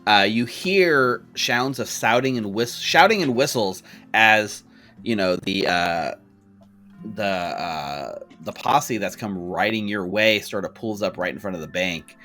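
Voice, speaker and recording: A man's voice: on the low side, measured pace. A man running a tabletop role-playing game, narrating the scene with frequent fillers and restarts. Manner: relaxed, hesitant narration with fillers. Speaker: game master.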